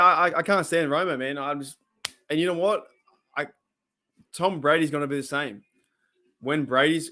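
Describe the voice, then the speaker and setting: The speaker is an Australian man with a mid-range voice, casually hosting a live-stream reaction to a football game. He rambles between excitable calls of the play.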